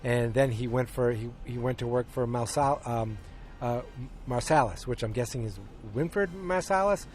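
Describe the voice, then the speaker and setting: A man hosting a casual movie podcast, rambling with lots of fillers and restarts and acting out scenes in quick bursts. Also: medium pitch, a little mellow, faint music behind. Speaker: podcast host. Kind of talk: casual movie review chat.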